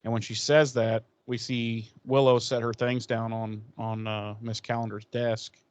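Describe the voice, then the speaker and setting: A man's voice: medium pitch, little pitch movement, measured pace, clear, resonant tone, no echo. Blunt, sarcastic podcast man. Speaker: podcast co-host. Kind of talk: casual episode recap.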